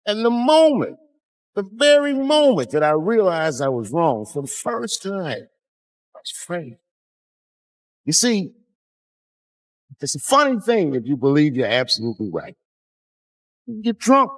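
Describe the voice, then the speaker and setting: A man telling a long, profane story on stage as a stand-up comedian. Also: high-pitched.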